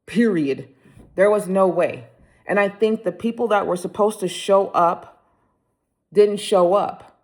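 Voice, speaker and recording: A woman vlogging, candidly telling a story about her backpacking trip in a casual, animated way. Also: mid-range voice, a little slow.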